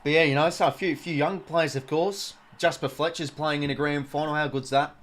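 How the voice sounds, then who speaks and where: A man's voice: a little high, fairly even intonation, a little fast, a bit bright. A young Australian man hosting a live watch-along stream, chatting casually, full of fillers and greeting viewers from chat.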